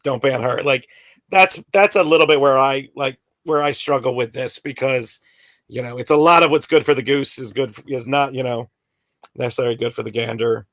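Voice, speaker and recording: A man's voice: mid-range voice, a little fast, a bit bright, no room sound. A man in his forties, talking in a rambling way full of fillers and restarts in a casual podcast chat. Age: 40s.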